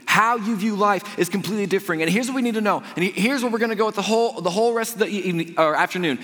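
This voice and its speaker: A young man preaching a sermon, telling personal stories in a conversational way and swinging between quiet, intimate lines and loud, emphatic ones. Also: high-pitched, racing. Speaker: pastor. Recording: long reverb of a large hall.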